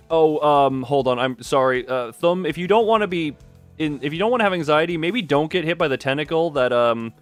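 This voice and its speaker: Male game streamer, rapid rambling chatter, light music bed. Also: a little high. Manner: rambling, excitable, reads game text aloud. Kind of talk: casual game stream commentary with chat dice rolls.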